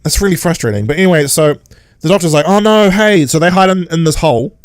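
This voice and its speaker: A man's voice: on the high side, animated, fast talker, dry recording. A man, co-hosting a podcast and recapping an episode in casual, sarcastic chat with mocking quoted voices. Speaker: podcast co-host.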